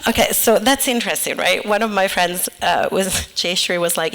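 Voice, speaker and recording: A middle-aged woman from Italy with an Italian accent, talking in a lively way as an author guest at a live onstage conversation, often tagging "right?". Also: mid-range voice, vocal fry. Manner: animated, quick, often tags "right?".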